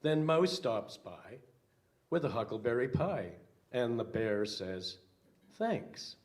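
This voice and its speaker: An older minister reads a children's picture book to his congregation. He speaks at a very slow, unhurried pace with a middling pitch, pausing with little fillers. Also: expressive. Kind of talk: reading a children's story aloud.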